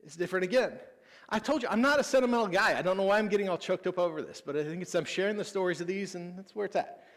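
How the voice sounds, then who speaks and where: Man, 30s, pastor, chatty personal sermon, self-deprecating humor, a bit high-pitched, long church reverb. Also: racing. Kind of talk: conversational sermon.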